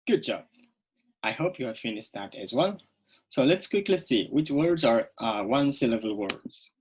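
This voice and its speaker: Husky-voiced man teaching an English lesson. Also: medium pitch, lively intonation, darkish tone, rough recording. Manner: slow, repetitive, checks in with "okay?". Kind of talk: recorded online English lesson.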